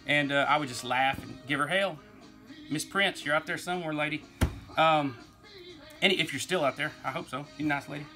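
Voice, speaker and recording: A man's voice: on the high side, a little fast, sharp tone, faint music behind. A man with an East Texas accent, hosting a toy collecting vlog in a folksy, rambling way. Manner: rambling, folksy, says y'all, laughs easily. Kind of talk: casual rambling toy talk.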